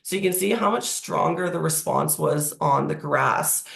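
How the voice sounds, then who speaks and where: Hoarse, croaky presenter with a cold. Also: mid-range voice, normal speed, fairly bright tone. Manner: explanatory, walking through slides. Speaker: agricultural presenter. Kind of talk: webinar presentation. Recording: echoey room.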